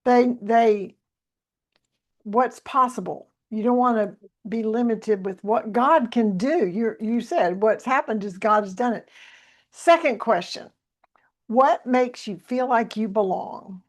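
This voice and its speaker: A woman's voice: a little high, slow. A woman hosting a podcast interview, asking questions and affirming her guest. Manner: encouraging, affirming. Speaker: podcast host.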